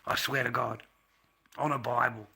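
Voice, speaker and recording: A man rants on a livestream as its host. His voice is very bright and sharp-edged, and his talk is blunt and full of swearing. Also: medium pitch, level tone, moderate pace, gravelly, breathy edge. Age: 50s. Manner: blunt, profane, ranting. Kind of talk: casual livestream rant.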